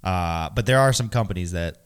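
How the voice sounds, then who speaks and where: A man's voice: deep voice, fairly quick, clear, resonant tone. A man co-hosting a podcast in casual chat while under the weather and coughing. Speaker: podcast co-host.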